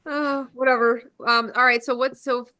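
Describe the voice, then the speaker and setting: A woman's voice: a little high, little pitch movement, normal speed, bright, forceful tone, no echo. A woman hosting a telehealth livestream, chatting casually and joking at her own expense, with the odd swear.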